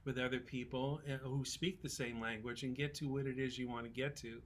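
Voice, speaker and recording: A man in his sixties, a songwriter on a festival panel, telling relaxed, folksy stories in casual talk. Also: medium pitch, brisk, slight background noise.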